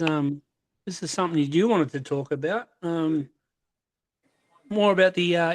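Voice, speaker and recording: A man's voice: fairly high pitch, no echo. A man co-hosting a podcast, introducing a topic with frequent hesitations. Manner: hesitant, many "um"s. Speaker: podcast co-host. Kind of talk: casual podcast chat.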